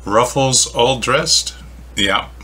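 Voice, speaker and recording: A man's voice: mid-range voice, very slow, pushed and bright, husky. A man in his fifties reacting to a video with casual, teasing commentary and short retorts. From Canada. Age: 50s.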